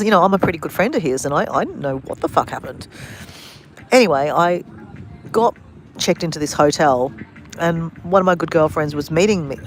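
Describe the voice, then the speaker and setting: Woman livestreaming outside, talks loose and rambly, fixes herself mid-sentence, bit of faint noise behind. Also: deep voice. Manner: rambling, self-correcting, swears casually. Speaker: travel vlogger. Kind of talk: casual livestream storytelling. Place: outdoors at a beach at sunset.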